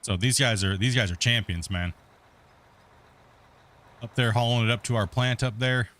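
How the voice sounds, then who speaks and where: A man's voice: medium pitch, steady tone, moderate pace, a bit bright. A middle-aged man hosting a multiplayer game stream, talking in a laid-back, rambling way with lots of restarts. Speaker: let's play host. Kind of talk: casual gameplay commentary.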